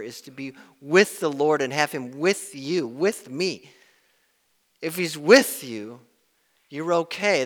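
A man preaching a sermon in an earnest way, rising to loud emphasis and dropping to hushed tones when quoting. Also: on the high side, in a large hall. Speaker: pastor.

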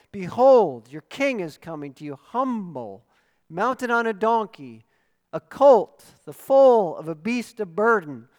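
Male pastor, sermon delivery, earnest teacher who swells into emphatic calls, voice a bit high, long church reverb.

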